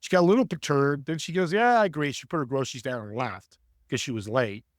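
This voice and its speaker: Animated storytelling man, dry mic. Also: medium pitch, fast talker, no echo. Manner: animated, acts out voices in anecdotes. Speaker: guest. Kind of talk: storytelling interview talk.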